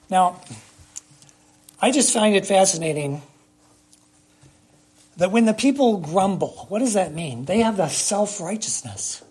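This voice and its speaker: A preacher giving a sermon, speaking emphatically with long dramatic pauses and rhetorical questions to the congregation. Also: medium pitch, expressive, a little mellow, husky.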